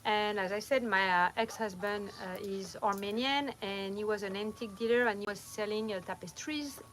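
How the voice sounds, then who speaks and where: This middle-aged French woman, a vlogger with a strong accent, talks casually with livestream viewers and often laughs, at night in a van or at home. Her mid-range voice moves at a normal speed with a fairly bright tone. The recording, made on a phone or camera without a mic, is low-quality with slight background noise.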